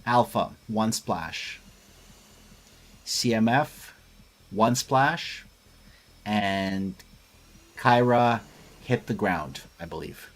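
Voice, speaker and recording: A man's voice: on the low side, drawn-out words, pauses often. A man hosting a live stream, calling a competitive match in a casual, joking way. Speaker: host.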